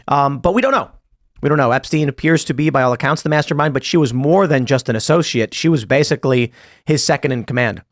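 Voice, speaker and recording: A man's voice: medium pitch, quick pace. A man hosting a podcast, reading news aloud and commenting with sarcastic disbelief. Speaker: show host. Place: podcast studio.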